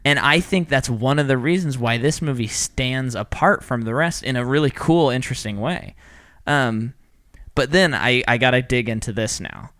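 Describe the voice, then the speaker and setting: A man co-hosting a casual podcast, talking in an animated way and acting out quotes in little put-on voices. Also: medium pitch, moderate pace, no echo, clean studio sound. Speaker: podcast co-host. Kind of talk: casual chat.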